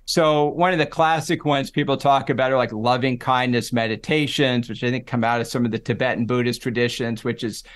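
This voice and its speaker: A middle-aged man, a psychology professor, talking in a relaxed interview and acting out the voices he quotes. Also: medium pitch, fairly quick, few pauses, clean tone. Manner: animated storyteller, acts out quoted voices. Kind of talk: casual conversational interview.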